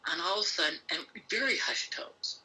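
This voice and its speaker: A woman guest recounting an experience in an interview, acting out what others said with sudden pitch jumps and many fillers, talking while pacing on a call. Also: expressive, a little fast, sharp tone, poor audio. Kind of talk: animated storytelling in an interview. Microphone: phone or remote call while pacing.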